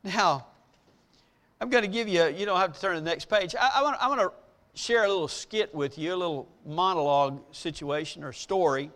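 A man giving devotional Bible teaching, asking the listeners questions, answering them himself, and slowing down to read verses with emphasis. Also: sits high, a bit bright. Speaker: preacher.

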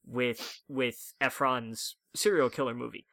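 A man's voice: mid-range voice, a little slow, vocal fry, dry recording. Man, podcast co-host, casual chat, rambling, dry close sound. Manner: rambling, animated storytelling with playful bits.

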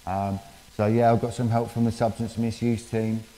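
A man giving a candid personal testimony in church, halting and full of fillers. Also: lowish voice, level tone, warm tone. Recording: reverberant church hall.

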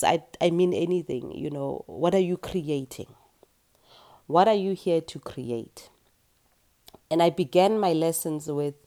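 A woman hosting her own podcast, speaking earnestly in a groggy morning voice, with halting restarts and repeated phrases. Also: low voice, vocal fry, dark tone. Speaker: podcast host and retreat teacher. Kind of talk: reflective solo podcast monologue.

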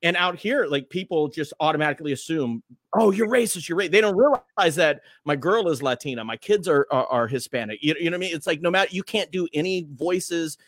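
A radio host in a relaxed podcast chat, a man with a slightly raised voice who rambles through his stories. The sound is dry and close, with no room around it. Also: fairly high pitch, fairly quick, hardly any pauses, no echo. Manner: loose, rambling, animated storytelling. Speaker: morning radio host, guest.

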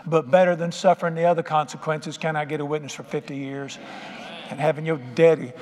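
Middle-aged guy preaching, folksy and punchy, voice a bit high, long echo of a church hall. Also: fairly even intonation, a little fast, darkish tone, a little hiss or hum. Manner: folksy, emphatic storytelling with southern colloquialisms. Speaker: pastor. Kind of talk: sermon.

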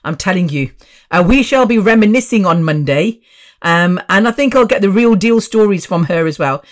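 A woman's voice: medium pitch, expressive, moderate pace. A woman in her fifties hosting her own podcast, chatty and rambling with asides. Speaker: podcast host. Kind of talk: casual solo podcast chat.

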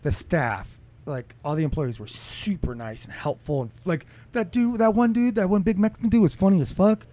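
A man co-hosting a casual chat, telling stories with lots of swearing, his voice rising sharply when he gets heated. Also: moderate pace. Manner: animated, profane storytelling that climbs in pitch when heated.

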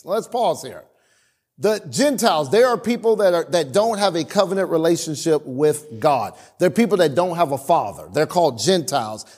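A man preaching a sermon and telling stories from his marriage, acting out his own lines and calling on the congregation to answer. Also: a little high. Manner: animated storytelling with acted-out quotes; calls for responses from the congregation. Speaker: pastor.

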